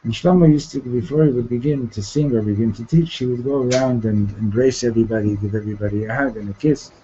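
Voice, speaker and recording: Male teacher, mellow voice, storytelling lesson, stop-start delivery, muffled classroom recording. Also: mid-range voice, a little hiss or hum. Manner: halting, repeats words and restarts, asks "Okay? Right?".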